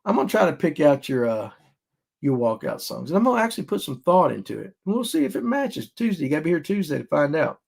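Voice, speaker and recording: A man's voice: a little high, quick pace, creaky, breathy edge. A man hosting a casual podcast, telling stories and acting out other people's lines. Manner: animated storyteller who acts out other people's lines. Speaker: fishing podcast host.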